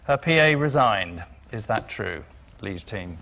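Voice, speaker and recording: A man's voice: fairly low pitch, lively intonation, a little slow, gravelly, crowd noise. A man hosting a comedy panel show in a TV studio, announcing in a dry, wry way with scripted jokes. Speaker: game show host. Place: TV studio with live audience. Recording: studio audience laughter and noise.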